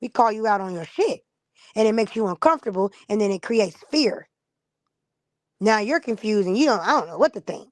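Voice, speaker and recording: A woman's voice: mid-range voice, lively intonation, brisk, dry recording. A woman streamer in a casual live-stream monologue, blunt and profane, acting out the people she quotes.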